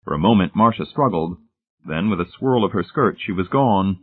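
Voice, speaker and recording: Husky male audiobook narrator, tinny sound. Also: low-pitched, expressive. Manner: measured, suspenseful reading. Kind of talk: scripted narration.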